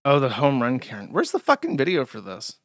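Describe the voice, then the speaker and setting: A man's voice: mid-range voice, huge pitch swings, brisk, dry recording, studio quality. A young man hosting a stream, giving crude, sarcastic, mocking commentary from his home setup. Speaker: streamer host. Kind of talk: casual commentary. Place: home studio.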